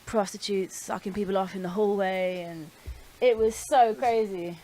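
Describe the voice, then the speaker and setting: A young woman from North London with a London accent, chatting candidly as a radio guest, animated and swearing freely. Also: mid-range voice, moderate pace. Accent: London English. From North London, England. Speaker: guest performer. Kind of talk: casual interview chat.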